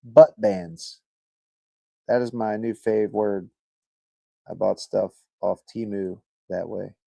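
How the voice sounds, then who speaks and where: A man's voice: on the low side, steady tone, slow pace, gravelly, warm tone, no room sound. A man hosting a livestream, chatting casually and reading viewer comments, rambling, joking and swearing a lot. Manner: laid-back and rambling. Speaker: livestream host.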